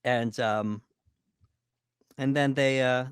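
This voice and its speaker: A man's voice: mid-range voice, fairly even intonation, slow, smooth, no echo, clean studio sound. A man co-hosting a podcast, casually walking through a horror movie in a laid-back way with lots of fillers. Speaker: podcast co-host. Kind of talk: casual movie breakdown chat.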